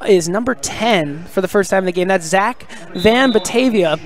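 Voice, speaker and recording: Speaking at normal speed, a male announcer covers a high school basketball game live from the gym. Big plays get him shouting with excitement, and he sprinkles in easygoing chatter between the action.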